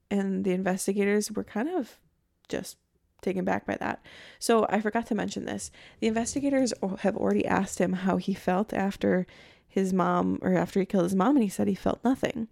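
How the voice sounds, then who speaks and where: Woman with a low-toned, gravelly voice. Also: darkish tone. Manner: chatty, thinking aloud, with fillers and reactions. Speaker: podcast host. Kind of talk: casual true-crime storytelling.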